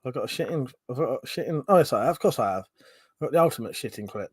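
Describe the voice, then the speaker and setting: A man's voice: medium pitch, expressive, racing, husky, no room sound. A man hosting a casual live stream, chatting with viewers, swearing and laughing often, with a runny nose.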